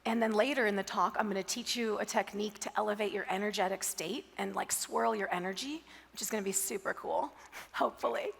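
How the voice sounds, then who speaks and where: A woman giving a motivational keynote talk on a conference stage, telling an animated story and asking the audience questions. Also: mid-range voice, a little fast, vocal fry, breathy edge. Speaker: keynote speaker. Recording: reverberant hall.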